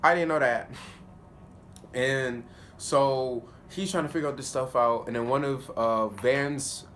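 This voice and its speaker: A man giving a casual spoken review of a TV episode, animated and slangy, often laughing. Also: medium pitch, unhurried, slight background noise. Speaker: TV show reviewer.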